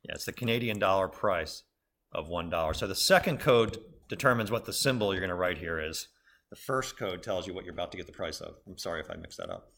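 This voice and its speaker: A man's voice: low-pitched, sing-song, quick pace, creaky, a bit bright. A man lecturing a business school class in a conversational, explanatory way, often stopping to correct himself.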